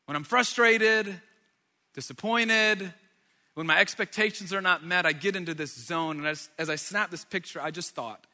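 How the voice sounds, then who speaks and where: Pastor, man, 30s, bright and slightly high, ribbing the audience mid-sermon; reverberant hall. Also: expressive, normal speed. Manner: joking asides to the audience. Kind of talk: sermon storytelling. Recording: long reverb of a large hall.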